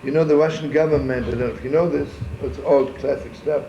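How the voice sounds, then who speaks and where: A rabbi tells a story in informal, folksy fashion, wandering into digressions, dropping in Yiddish words and asking "right?" along the way. He talks fast in a medium-pitched, steady voice. The archival room recording is echoey and muffled, with slight background noise.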